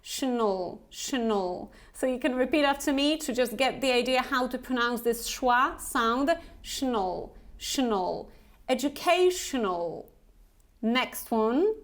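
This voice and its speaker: A woman with a Polish accent, a native Polish speaker, teaches English pronunciation in a slow, deliberate way. She says each word slowly and repeats it for learners to copy. Her voice sits a little high. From Poland. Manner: models words slowly and repeats them for drilling. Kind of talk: pronunciation lesson.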